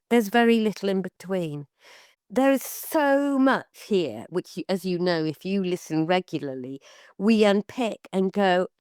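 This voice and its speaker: A woman's voice: fairly low pitch, clean tone, no room sound, studio quality. A woman co-hosting an art podcast in casual chat, talking animatedly and mimicking other people's voices. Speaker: podcast co-host.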